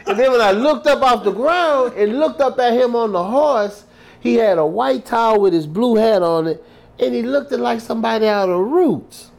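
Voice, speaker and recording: A man, a guest telling humorous stories in an interview, animated and laughing, full of slang. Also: high voice, normal speed.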